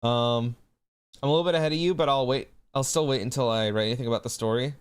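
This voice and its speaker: A man's voice: medium pitch, fast talker, clean tone. A man streaming live who chats casually with his audience in a laid-back way, swearing often and calling people bro.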